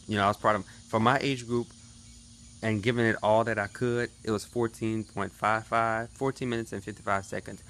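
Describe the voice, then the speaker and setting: A man's voice: fairly low pitch, a bit bright. A man in his thirties chatting casually to his viewers in a vlog recap. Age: 30s. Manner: chatty, talks straight to viewers. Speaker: vlogger.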